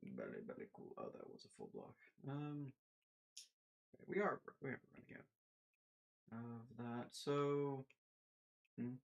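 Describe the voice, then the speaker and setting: A man's voice: mid-range voice, huge pitch swings, slow, vocal fry, long pauses. A man giving casual, rambling commentary while playing a building game, talking to himself and slipping into silly put-on voices.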